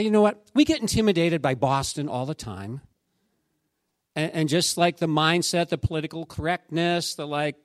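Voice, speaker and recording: A man preaching a sermon, telling stories and quoting scripture, dropping to a hush and then rising to shouts. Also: fairly high pitch, no room sound, studio quality. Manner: storytelling, swings from hushed to shouting. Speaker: pastor.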